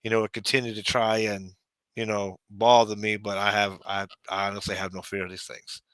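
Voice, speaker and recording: Low-voiced man rambling in casual chat. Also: flat delivery, a little fast, fairly bright tone, no echo. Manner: rambling, lots of "you know", restarts.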